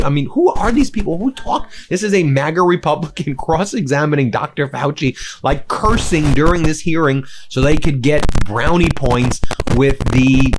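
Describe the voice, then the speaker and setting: A man's voice: medium pitch, expressive, normal speed, a little hiss or hum. A man doing heated political commentary, indignant and scornful, with many "uh"s.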